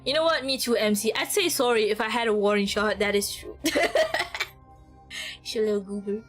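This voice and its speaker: A young woman streams a game, offering giggly, rambling commentary full of laughter. Her voice is medium in pitch with fairly even intonation, and she talks fast over soft background music.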